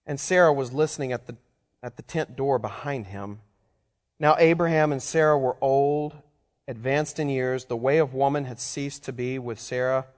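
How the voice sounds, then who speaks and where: A man preaching a sermon in a conversational way, turning to the congregation with questions as he explains scripture. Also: medium pitch. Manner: conversational, asks the listeners questions. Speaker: pastor. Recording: long hall reverb.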